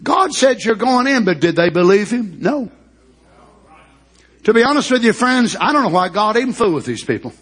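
A preacher delivers an impassioned sermon in a very high, ringing voice. He shouts out his points in bursts and stretches certain phrases slowly for weight. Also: big pitch swings, breathy edge.

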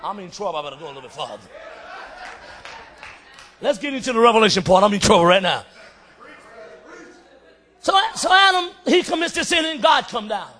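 Male preacher, fiery shouted sermon; high, bright, very lively pitch. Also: brisk, long pauses. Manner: fiery, calls for amens, acts out voices.

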